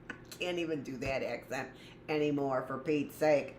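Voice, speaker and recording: A woman teacher leading a livestreamed lesson for young children, talking loudly and rambling through joking asides to herself. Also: very deep voice, normal speed, slight background noise. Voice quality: loud voice. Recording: echoey room.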